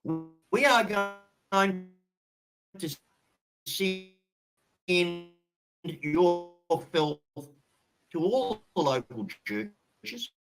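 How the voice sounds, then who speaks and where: Slow, swinging profane ranting man. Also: sits high, expressive, over music. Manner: profane, threatening, insulting. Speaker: ranting video poster. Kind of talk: angry monologue.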